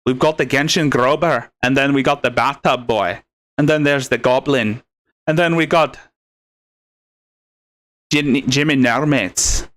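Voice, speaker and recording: A man hosting a live commentary stream, his tone bright and forceful as he mocks his subject. He rambles on in a sarcastic, scornful way at a middling pitch. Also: measured pace, long pauses. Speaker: commentary host.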